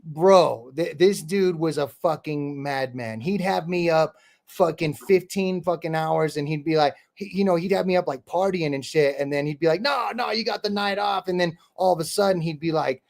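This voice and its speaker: He's a rapper who hosts a podcast, telling meandering, foul-mouthed stories full of "dude" and "bro." The voice runs on the high side, gravelly with a darkish tone, at normal speed.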